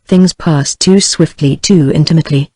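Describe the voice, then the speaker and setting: A woman's voice: sits low, moderate pace, dark tone, husky, dry recording. British woman voicing an earnest young lady. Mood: reproachful. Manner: evenly synthesized, no character voice.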